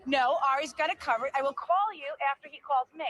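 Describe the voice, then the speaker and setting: An actress playing a brash, sharp-tongued female Hollywood publicist who speaks curtly with a slight lisp. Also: sits high, fast talker. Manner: curt, insulting.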